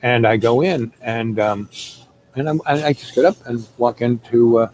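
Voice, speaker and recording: A man's voice: mid-range voice, normal speed, a little mellow, a little hiss or hum, poor audio. A man telling a long rambling story, full of fillers, who acts out the people he quotes. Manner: meandering, many fillers, acts out quoted voices.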